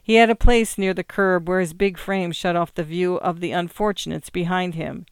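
A woman narrating a story in a steady, measured reading voice. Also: on the low side, smooth, no room sound, clean studio sound. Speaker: audiobook narrator.

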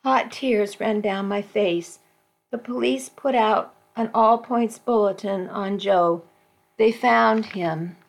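A woman volunteer reading a romance novel aloud for a radio program, in a slow, measured way. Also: medium pitch, creaky. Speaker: volunteer reader.

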